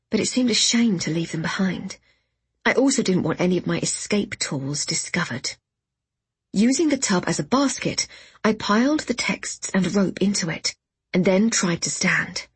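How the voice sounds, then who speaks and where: Soft hushed woman narrating, breathy and kinda low, dry close mic. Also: no echo. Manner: soft, hushed, often half-whispered reading. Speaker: audiobook narrator. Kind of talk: first-person scripted narration.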